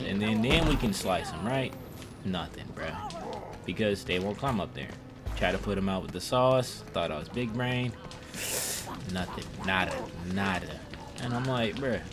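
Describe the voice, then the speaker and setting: A young man giving casual, profane, self-mocking commentary over his gameplay. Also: fairly low pitch.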